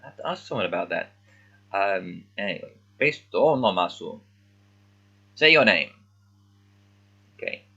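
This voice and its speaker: A man reading a children's book aloud as a language learner, thinking aloud in a halting, puzzled way and stopping often to work out words. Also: low-pitched, animated, creaky, fairly bright tone, husky, dull audio. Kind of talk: casual thinking-aloud readalong.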